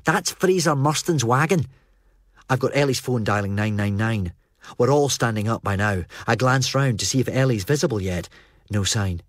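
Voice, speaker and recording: Steady male audiobook narrator. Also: mid-range voice, normal speed, dry recording, studio quality. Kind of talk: first-person audiobook narration.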